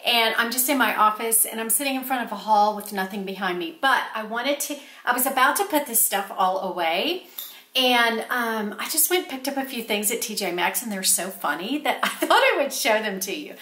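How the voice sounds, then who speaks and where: Casual vlogger, woman, bright tone, bubbly and gushing; camera on a table, echoey room. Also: fairly high pitch, animated, fairly quick. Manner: gushing, chatty, exclaims over cute things. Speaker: vlogger showing purchases. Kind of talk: casual haul chat to camera. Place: home office, indoors. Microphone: camera set on a small table.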